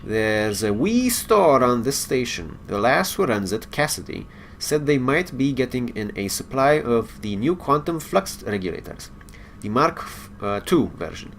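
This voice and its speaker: A man's voice: medium pitch, very animated, a little slow, few pauses, a little hiss or hum, voice pushed up. Scotty, read by a man in a raised voice. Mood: earnest. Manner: reads game dialogue aloud in a raised plain voice, no accent. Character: male starship engineer, friendly and worried.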